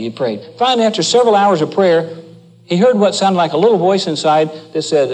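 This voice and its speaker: A man's voice: a little high, brisk, soft background music, rough recording. An older man telling a folksy story, acting out the voices of its characters. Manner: animated, acts out the voices in the story.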